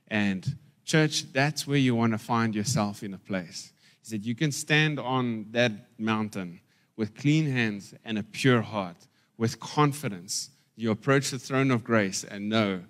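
A man preaching a sermon as pastor, emphatic and repeating key phrases, his loudness rising and falling. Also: lowish voice, unhurried.

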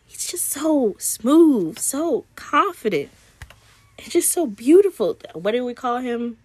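A woman's voice: on the high side, unhurried, husky, dry recording. A woman co-hosting a podcast, chatting casually and telling stories with lots of giggling. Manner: giggly, animated storyteller. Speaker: podcast co-host. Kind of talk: casual chat.

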